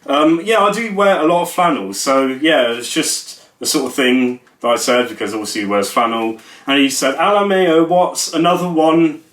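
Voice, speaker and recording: A man's voice: on the high side, normal speed, few pauses, fairly bright tone. A young man, rambling and joking at his own expense in a casual vlog. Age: young adult. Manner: jokey, rambling, self-mocking. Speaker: YouTuber. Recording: echoey room.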